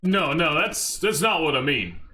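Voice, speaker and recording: A man's voice: on the high side, very animated, bright, forceful tone, soft background music, pitched above the performer's own voice, full character voice. A man reading as a dazed hulking man, stammering. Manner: halting, stammering delivery. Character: big muscled man, dazed, recovering lost memories.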